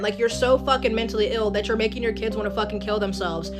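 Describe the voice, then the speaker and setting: A woman's voice: mid-range voice, steady tone, fast talker, few pauses. Heated ranting woman over guitar music. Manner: heated, blunt, swears freely. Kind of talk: angry ranting monologue.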